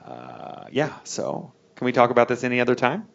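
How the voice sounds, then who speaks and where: A man's voice: mid-range voice, big pitch swings, normal speed, gravelly, dull audio. A man doing a stand-up comedy set in a bar, telling a rambling, self-deprecating story. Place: bar with a live audience.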